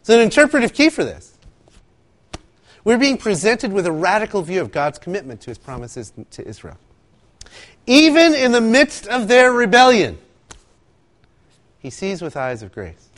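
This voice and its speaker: A man preaching a sermon, telling stories with animated asides and acting out quotes. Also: sits high, moderate pace, pauses often. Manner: animated storytelling, acts out quotes, laughs often. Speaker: pastor.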